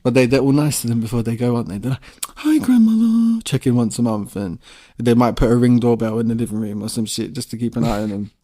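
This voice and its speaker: A man co-hosting a podcast in loose, uncensored banter. His voice sits in an ordinary middle pitch, and he rambles from point to point, swearing casually and keeping things laid-back. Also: steady tone, quick pace, few pauses, mellow. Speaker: podcast co-host. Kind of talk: casual chat.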